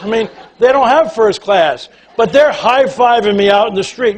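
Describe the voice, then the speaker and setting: An older man giving a folksy, animated storytelling speech to an audience, acting out voices as he goes. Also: high voice, moderate pace, some chatter behind. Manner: animated, folksy, acts out quotes and quacking sounds. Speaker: keynote speaker.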